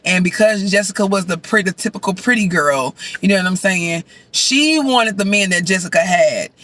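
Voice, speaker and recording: A man chatting casually as a vlogger, reviewing a show while he eats, animated and sassy with loud outbursts. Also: high voice, moderate pace, no room sound.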